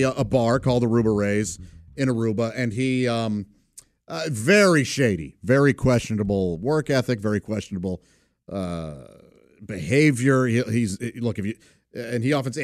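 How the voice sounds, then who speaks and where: A man's voice: medium pitch, a little mellow, no echo, clean studio sound. A man hosting a podcast in a casual monologue, chatty and rambling, laughing at his own stories. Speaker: podcast host.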